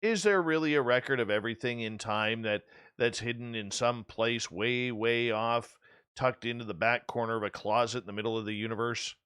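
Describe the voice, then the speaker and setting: A man's voice: medium pitch, moderate pace, fairly bright tone, clear, resonant tone, dry recording, clean studio sound. A man hosting a radio talk show, asking playful, self-deprecating questions. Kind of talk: casual interview questions.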